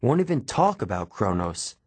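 A man's voice: medium pitch, lively intonation, normal speed, slightly rough, pitched above the performer's own voice. A man voicing a defiant, impatient young boy in an audiobook, urgent.

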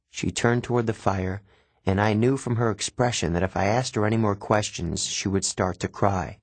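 A man narrating a first-person audiobook with measured, expressive storytelling. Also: lowish voice, no room sound.

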